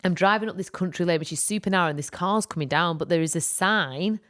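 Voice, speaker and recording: A woman with a fairly low voice chats on a podcast, telling a long personal story. She rambles in an animated way, with plenty of fillers and restarts along the way. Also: fast. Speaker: podcast co-host. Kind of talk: casual storytelling chat.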